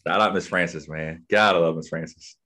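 A man's voice: low-pitched, steady tone, brisk, bright, forceful tone. A man hosting a casual podcast chat, laid-back and slangy, often repeating his words as he talks. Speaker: podcast host.

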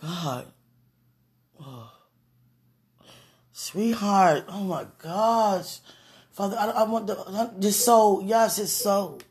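A vlogger speaking an emotional, pleading prayer to the camera, swinging between quiet murmurs and excited bursts. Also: mid-range voice, extremely slow, long pauses, breathy edge. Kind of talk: casual spoken prayer to camera.

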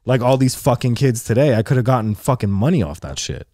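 A man in his twenties, a podcast host, telling a profane, animated story in casual chat and acting out the people in it. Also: mid-range voice, fast talker, no room sound, clean studio sound.

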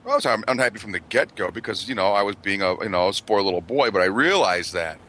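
A man's voice: quick pace, sharp tone. A man chatting casually about his marriage, rambling and profane, full of "you know" fillers. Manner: mimics quoted people in a high squeal. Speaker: podcast co-host. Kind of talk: casual chat.

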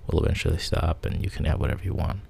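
A man speaks as an enormous giant who stays relaxed and chatty. The voice is deep and mellow with some fry, and it keeps an even, unhurried line. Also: a little hiss or hum, full character voice. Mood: casual. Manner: offhand and easygoing. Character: huge, casual, friendly male giant.

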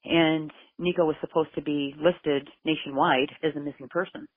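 A woman's voice: low-pitched, steady tone, normal speed, breathy edge, no room sound. Woman telling her story over a thin line. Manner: emotional, intense retelling with quoted dialogue. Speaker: mother of a missing person. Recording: phone-like narrow sound.

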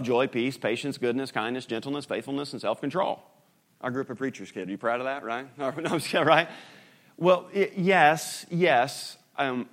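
A man's voice: mid-range voice, a bit bright. Male pastor, conversational sermon delivery, questions to the congregation, light humor.

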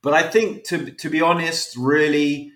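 A man's voice: a little high, fairly even intonation, unhurried, fairly bright tone. English man in an echoey room. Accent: English, posh schooling mixed. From England. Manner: rambling, hesitant, laughing. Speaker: podcast guest, influencer. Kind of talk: casual interview chat.

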